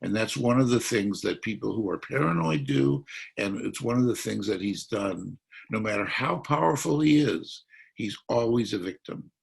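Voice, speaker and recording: A man's voice: on the low side, lively intonation, normal speed, gravelly, slightly rough. A man speaking as a psychiatrist at a political forum, explaining his analysis.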